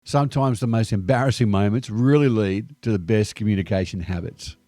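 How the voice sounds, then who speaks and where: A man's voice: on the low side, brisk. Australian man telling anecdotes. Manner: lively anecdotal delivery sprinkled with slang. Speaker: video host. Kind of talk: scripted storytelling monologue.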